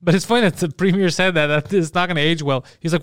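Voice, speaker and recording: A man's voice: on the high side, smooth, dry recording, studio quality. A man co-hosting a podcast, chatting casually and comically, often slipping into mock voices. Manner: animated, quick, slips into mock voices for jokes. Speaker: podcast co-host. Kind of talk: casual comedic chat.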